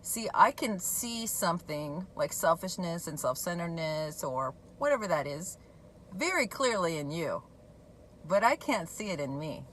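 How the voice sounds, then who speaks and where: A woman talking candidly and conversationally about her own recovery, sharing a personal story in a relaxed way. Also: fairly low pitch, measured pace, slight background noise, low-quality recording. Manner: candid, conversational, laughs at herself. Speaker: recovery blogger. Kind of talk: personal testimony talk.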